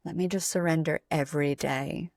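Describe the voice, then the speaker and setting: A woman working as a spiritual coach, speaking as a podcast guest in a gentle, measured way with frequent pauses. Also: low voice, steady tone, no echo, studio quality. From Atlanta, USA. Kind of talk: reflective interview talk.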